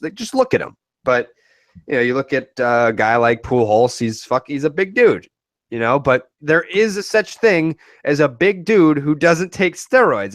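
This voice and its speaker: A man's voice: medium pitch, fairly bright tone, dry recording. A young man co-hosting a podcast, talking sports casually in a blunt, jokey way with lots of swearing. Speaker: podcast co-host.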